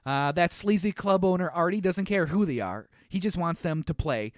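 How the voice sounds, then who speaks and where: A man's voice: high voice, lively intonation, normal speed, no echo, studio quality. A man in his thirties co-hosting a podcast, retelling a movie's plot in casual chat with frequent laughter and asides. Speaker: podcast co-host.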